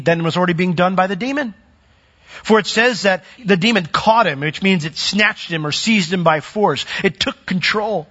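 A man preaching a sermon, animated, with sudden loud swells and soft drops as he retells the story. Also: high-pitched, muffled recording.

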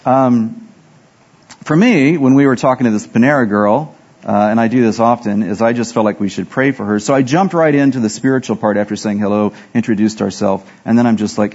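A man's voice: mid-range voice, a little fast, a little mellow, lo-fi sound. A man preaching a sermon as pastor, telling self-deprecating stories and acting out the dialogue.

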